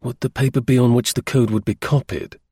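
A man's voice: mid-range voice, fairly even intonation, fairly quick, warm tone, husky, no echo, clean studio sound, pitched above the performer's own voice, lightly acted. A man voicing a thoughtful young male agent who asks careful questions.

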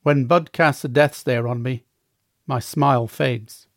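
Brief: a male memoir narrator, measured delivery, mid-pitched, dry and close. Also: fairly even intonation, fairly bright tone, no room sound. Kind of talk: first-person audiobook narration.

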